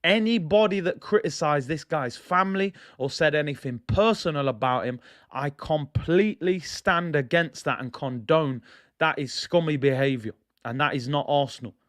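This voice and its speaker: A young man hosting a fan channel, ranting in casual slangy commentary. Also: a little high. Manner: animated, slangy, ranting with laughs. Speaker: football fan channel host.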